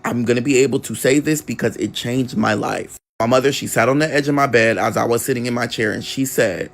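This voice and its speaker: Guy doing a storytime vlog, casual and cussing, average-pitched voice. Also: brisk, creaky, few pauses. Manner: candid, profane, conversational.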